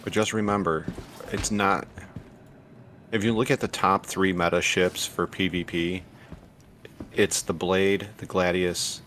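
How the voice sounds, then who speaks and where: Deep-voiced man chatting over gameplay. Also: unhurried, long pauses, a little hiss or hum. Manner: relaxed, explains tactics with many fillers and restarts. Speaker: gaming streamer. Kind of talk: casual gameplay commentary.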